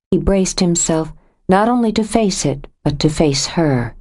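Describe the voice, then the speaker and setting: A woman with a rather low voice performs scripted narration of a novel for an audiobook, telling the story evenly and with measured care.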